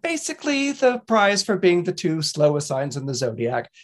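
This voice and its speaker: Chatty astrologer guy telling a fable, really lively voice, chuckles a lot. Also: on the high side, moderate pace. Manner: animated, chuckling, conversational. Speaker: horoscope columnist, astrologer. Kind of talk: casual storytelling talk.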